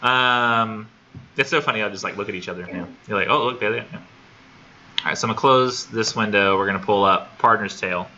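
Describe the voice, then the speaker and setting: A man's voice: lowish voice, fairly quick, sharp tone, highs cut off, a little hiss or hum. A man teaching a college literature class in a casual, rambling, self-deprecating way, in a classroom on a camera mic. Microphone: classroom computer camera for remote students.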